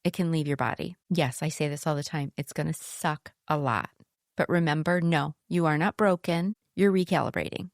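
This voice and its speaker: A woman's voice: low voice, moderate pace, creaky, dry recording, studio quality. A middle-aged woman hosting a solo podcast, talking candidly and conversationally about spiritual growth, with a casual swear here and there. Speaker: podcast host.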